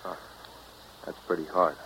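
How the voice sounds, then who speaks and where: A man's voice: unhurried, pushed and bright, a little hiss or hum, poor audio. An actor in 1940s radio drama style playing a blunt, easygoing man who is an old friend and former lover. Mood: steady.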